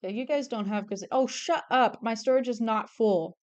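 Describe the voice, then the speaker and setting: A young woman chats away casually while drawing on stream, her voice smooth and clean. She gets excitable and swears freely, rambling from one thought to the next. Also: fairly high pitch, normal speed. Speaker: artist streamer.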